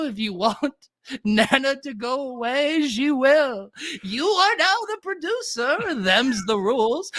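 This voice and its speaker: A young man hosting a loose, joking stream with a bright, forward tone. He talks slowly and deliberately and keeps up a teasing, playful patter. The sound is dry and close, with no room around it. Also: very high voice, no echo. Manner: playful, teasing, slips into goofy bits. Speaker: host. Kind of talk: casual comedic livestream banter.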